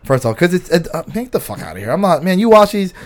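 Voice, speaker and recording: A man's voice: high-pitched, very animated, quick pace. A man co-hosting a podcast in casual chat, cracking crude jokes, swearing freely and laughing a lot. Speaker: podcast co-host.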